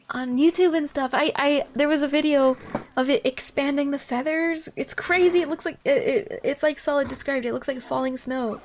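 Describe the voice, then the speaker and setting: A woman's voice: high voice, a little hiss or hum. A woman streaming a game live, chatting casually, gushing and giggling over cute things and thanking viewers by name. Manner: gushing, giggly, easily delighted. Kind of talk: casual live-stream chat while playing.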